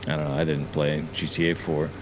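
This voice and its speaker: A man's voice: rumbling low, flat delivery, a little fast, background noise. A man in his thirties chatting casually while gaming, with dry, easygoing banter.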